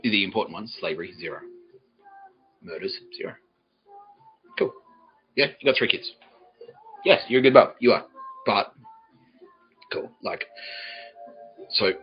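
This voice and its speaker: Profane, laughing comedy podcast host. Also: male voice, sits low, lo-fi sound. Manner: profane, laughing, bantering with the live audience. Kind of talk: improvised comedy monologue, relaying a psychic's words.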